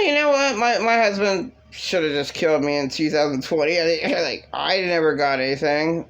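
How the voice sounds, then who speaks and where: A woman rambling through an agitated, repetitive rant to camera in a vlog. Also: low voice. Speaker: vlogger.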